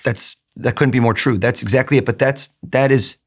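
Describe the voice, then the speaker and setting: A man's voice: medium pitch, normal speed, husky. A middle-aged man, an interview guest, telling stories animatedly and acting out what others said. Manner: animated storyteller, acts out quoted lines. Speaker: guest, mentalist. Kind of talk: conversational interview storytelling.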